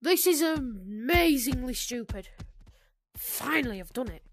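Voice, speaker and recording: A young woman giving chatty, excitable commentary while playing a VR game, swinging from muttering to sudden shrieks. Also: high-pitched, a little slow. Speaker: gaming video creator. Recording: noisy gameplay recording.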